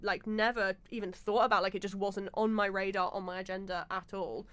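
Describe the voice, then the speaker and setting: A young woman guest on a podcast, talking casually at a mid pitch. She tells stories in a lively way, using lots of fillers and acting out what people said. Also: fairly quick, clear, resonant tone, no echo. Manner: animated storyteller, acts out quotes with many fillers. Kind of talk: casual chat.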